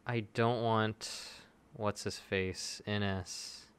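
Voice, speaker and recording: A young man live-streaming gacha pulls, begging the game for good results, then turning sarcastic, swinging between loud pleading and flat mutters. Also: on the low side, very slow, smooth.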